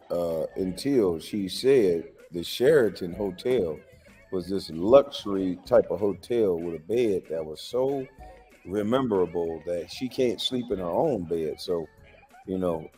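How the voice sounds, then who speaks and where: A man's voice: low-pitched, dark tone, slightly rough, in a large hall. A man hosting a livestream, reacting to clips in a casual, incredulous and lecturing way with lots of rhetorical questions. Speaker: livestream host.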